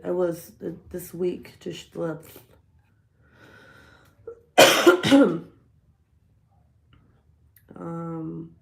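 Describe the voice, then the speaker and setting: A woman's voice: on the low side, vocal fry, roomy sound. A woman hosting a casual hangout video, joking and swearing as she rambles, with a cold. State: sick with a cold, coughing. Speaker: vlogger hosting a hangout livestream. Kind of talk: casual chat.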